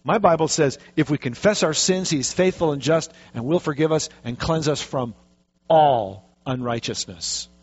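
A man preaching a sermon, telling a story with lively, animated delivery and acting out the quotes. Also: fairly high pitch, normal speed, breathy edge. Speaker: pastor. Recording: dull lo-fi recording.

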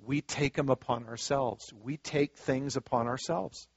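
A male preacher giving a sermon in a folksy, conversational way, swinging between soft asides and loud emphatic stretches. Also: mid-range voice, unhurried, breathy edge, no room sound. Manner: folksy and conversational, acting out quoted voices. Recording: dull, dry lo-fi sound.

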